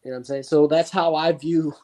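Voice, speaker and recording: Aggrieved casual guy, slightly high. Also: steady tone, fast, mellow. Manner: casual, aggrieved, says dude a lot. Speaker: podcast guest. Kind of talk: casual chat.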